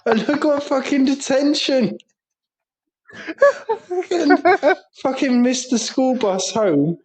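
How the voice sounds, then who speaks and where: A man's voice: extremely high pitch, animated, slow pace, darkish tone, slightly rough. An Englishman with a crude, sweary way of talking, telling school stories in casual podcast banter and laughing through them. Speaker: podcast co-host.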